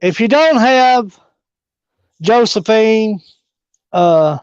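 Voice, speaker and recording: A man co-hosting a casual chat, halting and repetitive, laughing often. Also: sits high, lively intonation, clean tone, dull audio. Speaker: show co-host.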